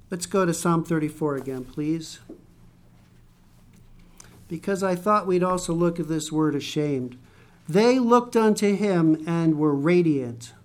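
A preacher giving a Bible-teaching sermon in a conversational way with joking asides, reading scripture slowly. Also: mid-range voice.

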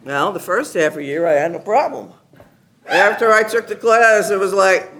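Man, high voice, bright tone, animated testimony to a room, acts out voices, laughs a lot. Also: normal speed. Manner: animated storyteller, acts out other people's lines; laughs often while talking. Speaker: speaker giving a testimony. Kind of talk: personal testimony told to a live group. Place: meeting room with a gathered group.

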